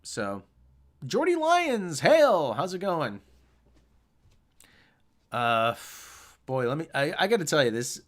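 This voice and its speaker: A man chatting casually on his own live stream while he reads out viewer comments. His delivery is loose and rambling, and his pitch swings widely, with a mid-range voice. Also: expressive, slow, long pauses, fairly bright tone. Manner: rambling, reads and answers chat.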